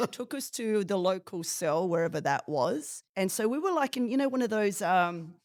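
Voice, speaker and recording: A woman's voice: medium pitch, normal speed, no room sound, studio quality. Cheeky laughing woman telling stories. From Philippines. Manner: cheeky, laughing, animated storytelling. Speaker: podcast guest, padel player. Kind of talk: rapid-fire question interview.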